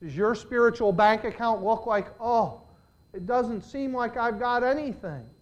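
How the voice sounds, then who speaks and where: An older man preaching a sermon as a pastor, swinging between hushed, intimate lines and loud, emphatic declarations. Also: very high-pitched, a little slow, muffled recording.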